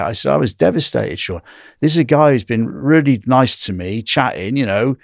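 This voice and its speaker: A man's voice: medium pitch, normal speed, gravelly, no room sound, studio quality. A middle-aged man in a casual interview, telling stories animatedly and tagging lines with "right?". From England. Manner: animated, recounts dialogue, frequent "right?" tag. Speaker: guest.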